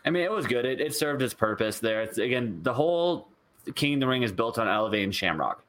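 Male podcast co-host, exasperated and ranting, average pitch, casual. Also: very animated, a bit bright. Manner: exasperated ranting, fast complaints. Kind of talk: casual wrestling review chat.

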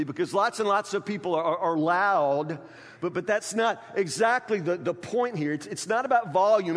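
Man preaching, high voice, long church reverb, rhetorical questions, stammering restarts. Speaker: pastor. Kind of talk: sermon. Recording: echoey church hall.

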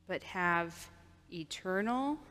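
A woman with a bright, clear voice gives a children's sermon in a church sanctuary. She speaks slowly and patiently, coaching the children to repeat after her. Her voice carries a long reverb from the big hall. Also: lowish voice, lively intonation. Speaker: children's minister.

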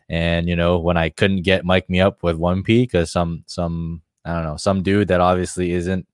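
A man's voice: sits low, clean tone, dry recording. A man who is a guest on a podcast, easygoing with dry humor in casual chat.

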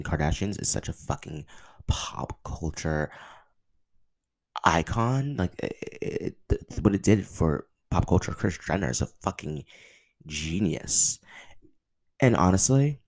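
Male podcast host, very low and gravelly, excitable, stammering, profane. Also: moderate pace. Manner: excitable, stammering, swears a lot. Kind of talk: casual podcast monologue.

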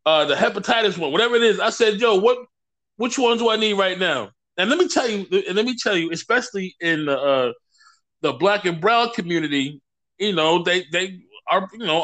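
A man with a voice that sits high talks a little fast as a podcast guest. He's an animated storyteller in a casual chat, reenacting what people said to him.

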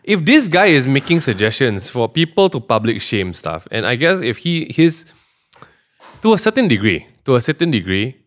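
A man with a Malaysian English accent in casual podcast chat, animated and given to acting out people he describes. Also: medium pitch, moderate pace. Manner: animated, mimics people in Manglish asides.

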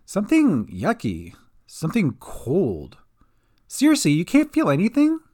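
A man voicing a sweet, jittery young female companion in a higher, excitable voice, in an audio story. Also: measured pace, exaggerated voice. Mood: gentle.

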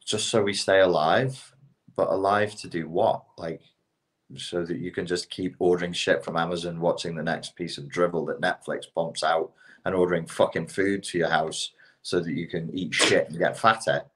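Deep-voiced British man, animated ranting. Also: normal speed. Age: middle-aged. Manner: animated, ranting, swears freely. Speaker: podcast co-host. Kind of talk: casual podcast chat.

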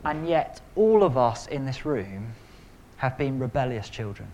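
A man preaching a sermon in an animated, conversational way, acting out quotes. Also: mid-range voice, measured pace. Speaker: pastor.

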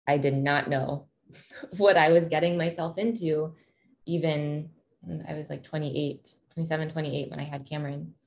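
A woman in her thirties with a low, slightly mellow voice talks about her experience as a parent. It's a reflective, casual conversation, thoughtful in tone and full of ums and restarts.

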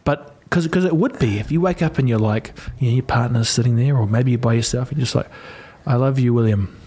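A man's voice: medium pitch, quick pace, a little mellow, slightly rough. A man hosting a podcast, musing earnestly in casual conversation. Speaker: podcast host.

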